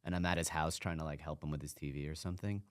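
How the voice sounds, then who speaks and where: A man's voice: a bass voice, steady tone, rapid-fire, clean tone. A man, a comedian guest on a podcast, telling family stories in a laid-back way and laughing as he goes. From Los Angeles. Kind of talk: casual chat, storytelling.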